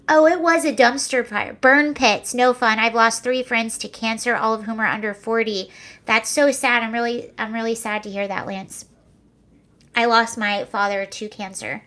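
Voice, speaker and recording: A young livestream host with a slightly high, somewhat bright voice speaks unhurriedly. Her casual chat is sarcastic, she laughs often, and she answers viewer comments.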